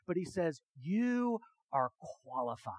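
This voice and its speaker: Pastor type, male, high-pitched, earnest questioning sermon delivery, dry mic. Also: very animated, unhurried, dry recording. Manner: earnest, questioning, acts out dialogues. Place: church hall with audience.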